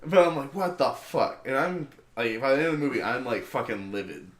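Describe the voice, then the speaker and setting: A young man co-hosting a casual podcast, telling an animated story with swearing and acted-out angry quotes. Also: medium pitch, a little fast. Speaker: podcast co-host. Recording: echoey room.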